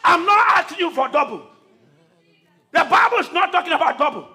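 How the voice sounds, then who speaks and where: A man preaching a shouted call-and-response sermon to a congregation, pausing for replies and breaking into tongues. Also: very high voice, big pitch swings. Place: church service with congregation.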